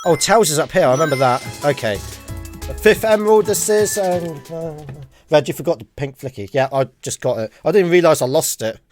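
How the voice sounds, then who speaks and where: A man hosting a casual gaming livestream, chatty and quick to laugh. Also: soft background music. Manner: chatty, laughs often, lively pitch. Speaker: livestream host. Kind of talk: casual gaming stream chat.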